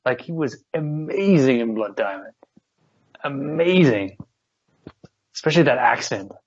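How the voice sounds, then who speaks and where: A man's voice: mid-range voice, lively intonation, unhurried, slightly rough. A man chatting casually on a podcast, rambling and swearing with enthusiasm. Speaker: podcast co-host. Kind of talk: casual chat. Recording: dull lo-fi sound.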